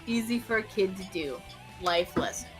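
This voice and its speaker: A woman voicing a cool, tough older woman in a dating game, talking slow and deadpan, lowering her voice. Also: soft background music, close to an everyday voice. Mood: cool, gruff. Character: tough cool adult woman, scooter-riding pigeon.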